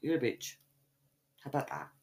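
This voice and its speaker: A woman's voice: moderate pace, a little mellow. A woman bantering as a podcast co-host, sweary and mock-aggressive in her teasing. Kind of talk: casual banter.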